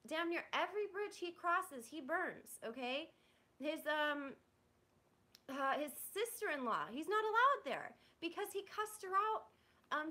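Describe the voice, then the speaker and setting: Bright high-voiced frustrated young woman. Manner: frustrated, blunt and profane, with many "like"s and restarts. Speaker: livestreamer. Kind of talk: venting live to stream chat.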